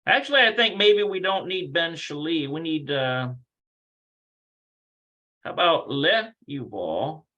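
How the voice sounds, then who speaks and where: A man's voice: fairly high pitch, animated, slow, pauses often, pushed and bright, dull audio. A man teaching a casual livestreamed language lesson, rambling, thinking aloud and correcting himself as he goes. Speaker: Hebrew teacher.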